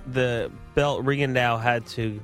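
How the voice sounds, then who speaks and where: A man's voice: medium pitch, fairly even intonation, a little slow, a bit bright, faint music behind. A man co-hosting a boxing podcast in casual chat, listing facts and laughing along.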